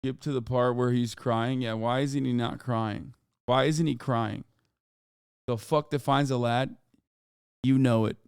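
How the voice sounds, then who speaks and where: A man's voice: medium pitch, steady tone, unhurried, vocal fry, darkish tone, clear, resonant tone, dry recording. A man streaming live, reacting casually on a close mic in a profane, incredulous, off-the-cuff way.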